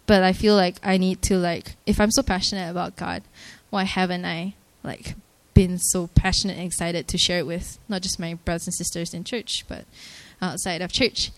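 A woman's voice: on the low side, little pitch movement, moderate pace, few pauses, no room sound. Earnest young woman, hesitant. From Malaysia. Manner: hesitant, full of "like" and "um" fillers; earnest and softly emotional. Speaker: church member giving her testimony. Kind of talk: personal faith testimony.

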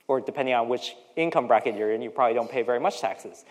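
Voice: medium pitch, fast. A preacher in their forties, giving a conversational sermon full of personal asides. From United States. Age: 40s. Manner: conversational, acts out quoted voices, personal asides. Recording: long hall reverb.

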